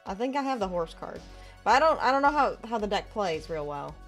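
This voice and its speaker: Casting: twangy Southern gal greeting viewers, a woman doing the accent, bouncy animated delivery. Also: medium pitch, fairly quick, soft background music, natural voice. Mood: playful. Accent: put-on American Southern. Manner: lively, drawling, greets viewers with howdy. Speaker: game streamer. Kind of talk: casual live-stream chat.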